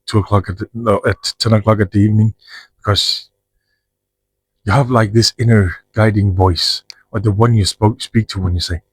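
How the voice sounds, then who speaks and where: A man's voice: lowish voice, steady tone, moderate pace, husky, no echo, poor audio. A man talking frankly about his own life in a rambling, profane monologue with frequent restarts. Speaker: vlogger. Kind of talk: personal monologue to camera.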